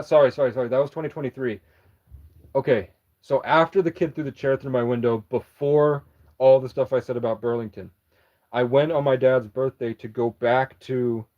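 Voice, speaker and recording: Heard on a dull, lo-fi recording, a young vlogger with a mellow, medium-pitched voice casually recounts a story. His telling wanders, is full of swearing, and doubles back for corrections.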